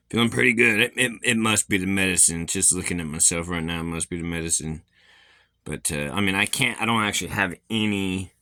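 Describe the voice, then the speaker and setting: A man's voice: low voice, bright, forceful tone, no echo. A man vlogging casually, rambling with many fillers and restarts, his speech a little slurred from a facial injury so that he sounds like he has false teeth.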